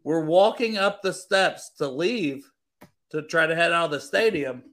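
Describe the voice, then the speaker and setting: A man telling a sports story in casual chat, animated and profane, laughing as he goes. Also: fairly high pitch, measured pace. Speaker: teacher.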